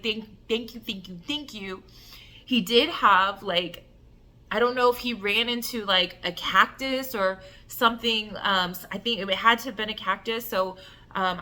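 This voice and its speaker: A woman telling an emotional personal story in an animated way, acting out the voices and filling her talk with "like". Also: mid-range voice. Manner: animated, acts out voices and cries, many "like" fillers. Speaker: self-love coach telling a personal story.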